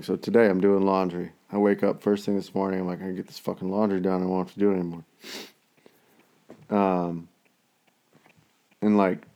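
A man's voice: low-pitched, vocal fry, warm tone. A man in casual chat, rambling through everyday stories and swearing constantly.

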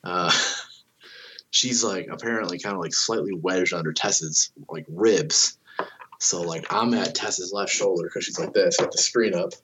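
Over some background noise, a young man with a low voice unhurriedly recounts a long tale. He swears freely, fills gaps with "like," and acts out people's lines.

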